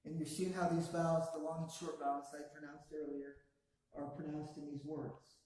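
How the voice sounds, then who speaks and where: A man's voice: on the high side, little pitch movement, a little mellow. Man teaching words in a very echoey room. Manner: slow and patient, says words for the class to repeat. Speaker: language teacher. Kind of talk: classroom language lesson. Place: classroom, also streamed to a video call.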